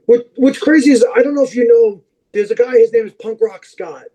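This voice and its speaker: A man who is a podcast guest, telling long, animated anecdotes in casual chat, with plenty of fillers and restarts. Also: very high-pitched, fairly quick, rough recording.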